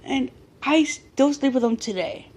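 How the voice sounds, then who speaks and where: A young woman in her twenties tells a personal story to her camera in her bedroom late at night, sleepless and excitable. Her voice sits high and sounds husky, and she keeps restarting her sentences as she goes. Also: unhurried. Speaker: vlogger. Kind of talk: casual storytelling vlog.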